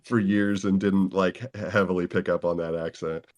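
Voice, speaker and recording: A deep-voiced man chats and laughs as co-host. His sound is dry and close, with no room echo. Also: steady tone, moderate pace, darkish tone. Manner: chatty, laughing. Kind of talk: casual conversation.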